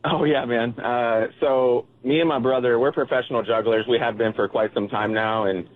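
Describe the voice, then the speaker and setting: A man's voice: mid-range voice, fairly even intonation, normal speed. A man calling in to a radio show, telling his story in a laid-back way with lots of "uh" and "man". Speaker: caller. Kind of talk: radio call-in chat. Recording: tinny phone line.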